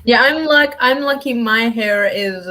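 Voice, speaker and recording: A woman in casual chat, relaxed and talkative, quoting friends and family with a laugh. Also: a little high, measured pace.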